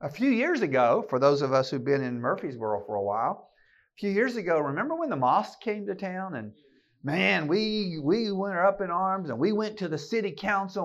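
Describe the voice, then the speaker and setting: A man's voice: high voice, lively intonation, moderate pace. A man giving a sermon-style keynote to a gathering of men, emphatic and folksy, often repeating his phrases. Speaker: speaker at a men's gathering. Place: live talk to an audience. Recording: slightly dull lo-fi recording.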